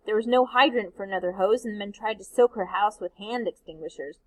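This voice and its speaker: A woman, a teacher, reading a novel aloud in a steady, expressive way. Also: mid-range voice, quick pace, dry recording, poor audio.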